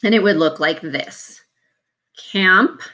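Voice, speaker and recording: A woman teacher walks young students through a spelling lesson, sounding out every syllable and letter with slow patience. Her voice sits a little low, yet its tone is bright and clear.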